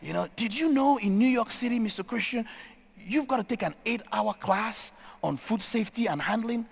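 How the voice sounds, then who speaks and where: A man's voice: sits high, animated, moderate pace, vocal fry, slightly rough, voice pushed up, exaggerated voice. A man voicing an eager young male food truck worker who speaks earnestly and pleads his case. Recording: hall reverb.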